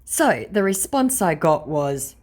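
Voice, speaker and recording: Woman, low voice, very lively pitch, sarcastic, blunt, casual commentary. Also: slow. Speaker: scam baiter. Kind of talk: casual commentary reading out chat messages.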